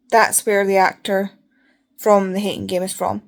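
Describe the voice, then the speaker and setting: A tired young woman talks to the camera in a loose, rambling way, her nose sniffly as she chats. Her pitch sits in an ordinary middle range. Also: flat delivery, moderate pace. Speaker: book vlogger. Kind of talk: casual reading vlog.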